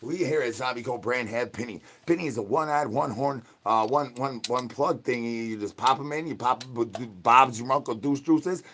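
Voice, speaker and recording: A man's voice: medium pitch, moderate pace, few pauses, a bit bright, a little hiss or hum. A young man talking into his phone on a live stream, rambling in a playful, sing-song way full of nonsense catchphrases.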